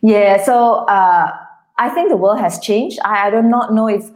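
A woman's voice: medium pitch, unhurried. A woman guest author speaking earnestly and from the heart in an interview, with some restarts. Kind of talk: interview, personal testimony.

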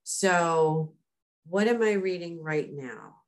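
A woman chatting casually and telling stories with lively, animated energy. Her voice sits a little lower than most women's. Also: takes it slowly. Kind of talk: casual chat.

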